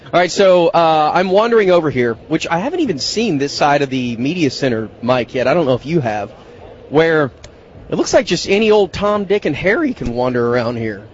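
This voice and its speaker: A man hosting radio on the move, chatting and teasing strangers with a bouncy, animated voice. He sits a little high for a man and his pitch swings freely. The sound is dull and lo-fi. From Dallas. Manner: joking, teasing, quick banter. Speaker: radio host roaming a media center. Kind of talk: casual street interviews.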